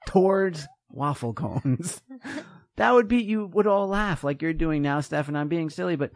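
Guy chatting on his podcast, kinda high voice, jokey, dead dry room. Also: brisk, no echo. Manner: animated, jokey, acts out voices. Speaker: podcast host. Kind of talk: casual chat.

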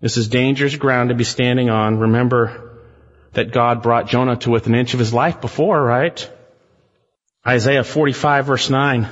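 A man's voice: medium pitch, moderate pace, a bit bright, big-room sound, dull audio. A male pastor preaching a sermon in an earnest, emphatic way, speaking straight to his congregation.

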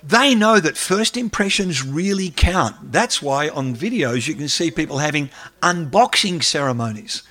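A man, an academic, giving a lively lecture and taking questions from the audience. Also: a little high. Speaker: academic speaker.

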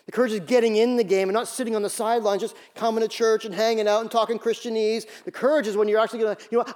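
A man preaches with animated energy, telling stories and acting out quoted voices. His voice sits high for a man. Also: racing, hardly any pauses. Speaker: pastor. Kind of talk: sermon.

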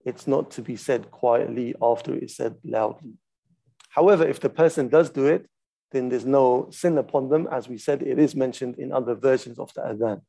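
Male religious teacher, methodical explainer, warm gravelly voice, steady and unhurried. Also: mid-range voice. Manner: patient, methodical, stops to demonstrate recitations. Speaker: Islamic studies teacher. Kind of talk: explaining a classical text.

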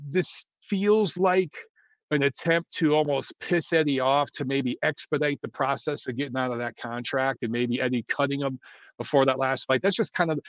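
A boxing commentator delivers a casual opinion monologue to his viewers, offering blunt, rambling takes full of fillers and restarts. His voice is medium-pitched, and the recording is dry, dull and lo-fi with no echo.

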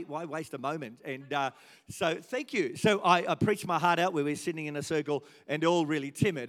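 A man in his sixties preaching and telling stories, his voice rising loud and dropping soft as he goes. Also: on the high side. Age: 60s. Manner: animated storytelling, swings from loud to soft. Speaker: pastor. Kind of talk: sermon. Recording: reverberant church hall.

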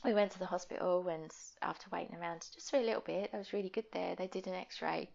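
A woman's voice: fairly low pitch, fast talker, vocal fry, darkish tone, dull audio. A woman speaking as a podcast guest, telling a personal story frankly and rambling, with frequent fillers. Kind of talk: candid conversational storytelling.

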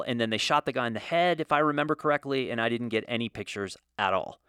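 A man's voice: mid-range voice, brisk, hardly any pauses, a bit bright, clean tone, dry recording, studio quality. A middle-aged man telling a casual, rambling, self-mocking story about his days as a photographer.

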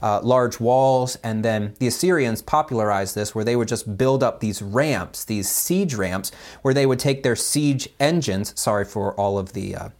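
A man preaching a sermon, reading scripture with lively voiced speeches and chatty asides full of fillers. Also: normal speed, few pauses. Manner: animated, voices biblical speakers with pitch jumps. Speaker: pastor.

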